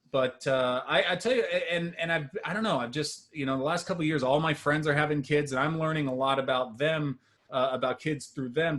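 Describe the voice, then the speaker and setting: A young stand-up comedian performs a set on a live stream, rambling through long self-deprecating stories packed with fillers. At his punchlines he jumps higher and louder, laughing at his own jokes.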